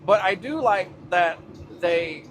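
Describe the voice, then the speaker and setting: A man's voice: high-pitched, expressive, takes it slowly, slight background noise. A man hosting a livestream from his truck cab, talking loosely with his chat and swearing casually as he drives.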